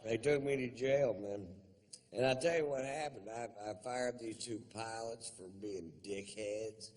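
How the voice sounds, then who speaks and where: A male stand-up comedian telling stories in a dry, deadpan way with crude punchlines. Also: medium pitch, unhurried.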